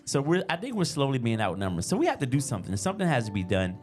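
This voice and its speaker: Animated Southern man in his fifties. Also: mid-range voice, rapid-fire, faint music behind. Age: 50s. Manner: animated storyteller who acts out the people he quotes. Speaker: podcast co-host. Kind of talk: casual podcast chat.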